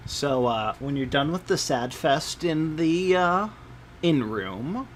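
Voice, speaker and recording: An unhurried game master runs a tabletop session and gives rulings with plenty of fillers. The pace is slow and the tone relaxed. A faint hum sits under the voice. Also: medium pitch. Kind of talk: running a tabletop game over an online call.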